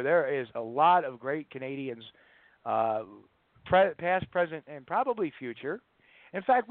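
A middle-aged man hosts a casual radio talk show, telling jokey stories in a fairly high, lively voice. The sound is dry and thin, like a phone line. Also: dry recording. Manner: joking, storytelling.

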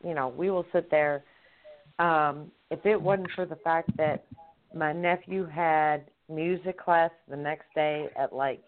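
A woman calling in to a talk show, telling stories in a chatty way with lots of fillers. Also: sits low. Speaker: caller. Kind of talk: casual chat on a call-in show. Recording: tinny phone-line audio.

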